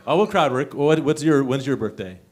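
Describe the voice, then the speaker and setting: A man's voice: mid-range voice, expressive, fairly quick, slight background noise. A young man works the room in a small comedy venue during an open mic set. His talk is chatty and self-mocking, and he keeps breaking into laughter at his own jokes. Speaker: stand-up comedian.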